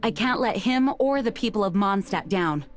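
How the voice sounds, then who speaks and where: Woman playing a dutiful female knight commander, resolute, mid-pitched voice, game music behind. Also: lively intonation, normal speed, natural voice. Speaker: game character.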